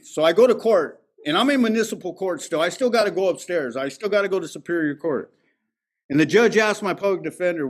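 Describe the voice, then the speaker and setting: Brief: man, fairly high voice, blunt, streetwise, swears freely, recovery-meeting share. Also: expressive, a little fast. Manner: candid, profane, streetwise storytelling. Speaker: speaker at a recovery alumni meeting. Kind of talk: personal recovery testimony.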